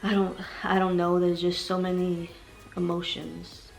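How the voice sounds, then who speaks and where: A woman's voice: fairly low pitch, monotone, unhurried, creaky, soft background music. A heavily pregnant young woman vlogging to her viewers, talking in an emotional, rambling way and growing tearful at times. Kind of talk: personal vlog confession.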